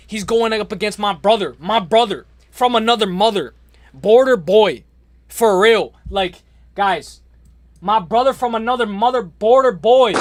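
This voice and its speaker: Male streamer, high voice, dry close sound, loose slangy chatter. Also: no room sound. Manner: slangy, rambling, shouts out chatters. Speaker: livestream host. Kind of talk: casual livestream chat.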